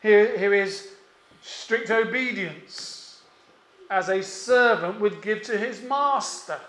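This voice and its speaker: A man preaching a sermon, emphatic and pausing often, with rhetorical questions. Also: high voice, fairly bright tone. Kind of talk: expository sermon. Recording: echoey room.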